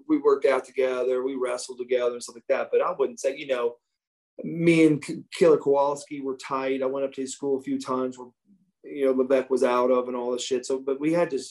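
A man, a former wrestler, telling profane, animated backstage stories as a guest in a casual interview. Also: mid-range voice.

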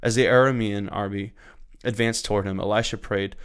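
A man hosting a daily Bible reading, reading scripture aloud in a measured, unhurried way, with small slips he corrects and a lift in his voice for quoted speakers. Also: fairly low pitch, fairly even intonation, clean tone. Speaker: church Bible reading host.

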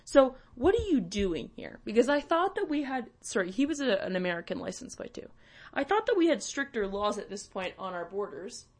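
A woman's voice: mid-range voice, very animated, brisk, darkish tone. A young woman from Canada, hosting and ranting bluntly with swearing and sarcasm. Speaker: podcast host. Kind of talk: ranting monologue.

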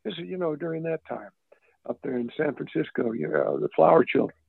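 This is casual storytelling from an older man being interviewed, who rambles, restarts often, and adds asides. He talks fairly quickly in a slightly high, creaky, a bit rough voice, with no room sound on a dry, tinny phone line.

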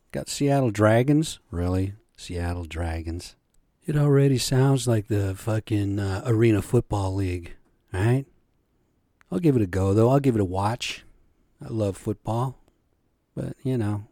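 An American Indian man from the United States hosts his own podcast, ranting heatedly and swearing constantly in a solo rant. His voice is fairly low and warm, captured as a dry, clean studio recording.

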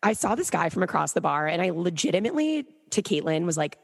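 A young woman co-hosting a podcast, telling stories in a giggly, animated casual chat. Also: fairly low pitch, quick pace, gravelly, hardly any pauses, husky, big-room sound. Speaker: podcast co-host.

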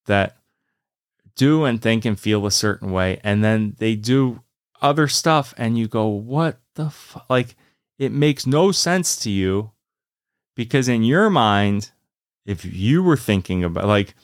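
Low, smooth-voiced man rambling. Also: animated, measured pace, no room sound, clean studio sound. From United States. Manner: rambling and profane, full of "you know" and "like"; laughs easily at his own jokes. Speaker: podcast host. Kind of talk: casual monologue.

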